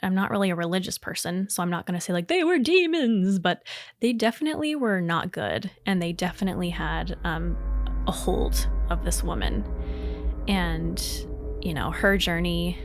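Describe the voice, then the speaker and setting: A woman's voice: on the low side, moderate pace, faint music behind. Rambling woman telling ghost stories. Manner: rambling, lots of fillers, emotional at times. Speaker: podcast host. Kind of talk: casual ghost story telling.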